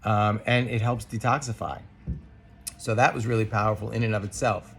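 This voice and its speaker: A man co-hosting a podcast, sharing a personal reflection in an earnest, thoughtful way, pausing often with ums and restarts. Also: lowish voice, steady tone, creaky, slight background noise. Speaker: podcast co-host.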